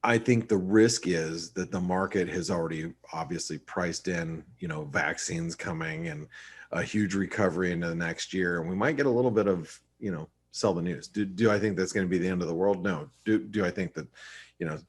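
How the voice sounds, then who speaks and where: A man's voice: low-pitched, fairly quick, husky. A man giving casual, rambling market commentary on a webinar, with many restarts and fillers. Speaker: market analyst co-host.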